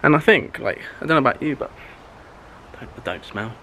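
A man's voice: medium pitch, expressive, a little fast, bright, forceful tone, slight background noise. A young man chatting casually to camera for a vlog, rambling with plenty of fillers and restarts. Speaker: vlogger.

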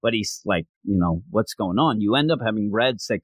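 A man co-hosting a podcast, chatting casually and excitedly as he reviews a manga chapter and acts out lines from it. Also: on the low side, brisk, husky, dry recording. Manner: animated, excitable storyteller acting out quotes. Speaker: podcast co-host.

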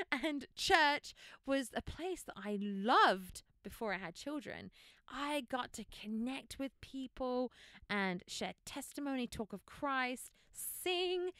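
A woman in her thirties hosting a podcast, telling a personal story in an animated way and laughing often. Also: fairly high pitch, clean tone, no room sound, studio quality. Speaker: podcast host.

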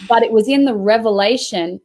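A woman's voice: on the high side, fairly quick, dark tone. A woman in casual conversation, earnestly telling an emotional story of a prayer experience. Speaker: host. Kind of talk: casual chat.

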